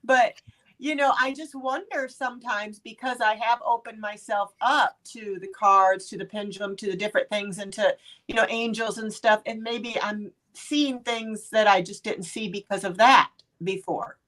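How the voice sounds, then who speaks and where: A woman in her fifties, chatting casually in a group and telling personal stories with lively quoted voices. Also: mid-range voice, moderate pace, few pauses. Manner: storytelling, animated quoted voices. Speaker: participant.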